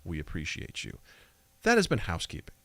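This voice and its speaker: A man's voice: low-pitched, wildly swooping pitch, a little fast, a bit bright, no room sound. A man hosting a casual podcast, goofy and self-mocking as he talks with guests. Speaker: podcast host.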